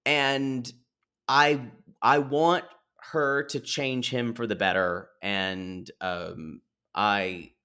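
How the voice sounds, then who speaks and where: A man co-hosting a podcast, recapping a reality TV episode in gossipy, animated casual chat and speaking to listeners as y'all. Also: mid-range voice, drawn-out words, smooth. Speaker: podcast co-host.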